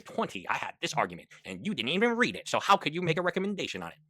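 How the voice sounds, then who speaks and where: A man's voice: a little high, huge pitch swings, racing, bright, forceful tone, no echo. A man steadily explaining a court process.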